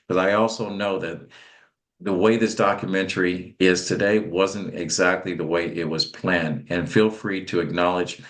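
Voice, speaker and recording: A man's voice: low-pitched, fairly even intonation, normal speed. A man hosting an interview, chatty and emphatic, with stammered repeats. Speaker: interview host.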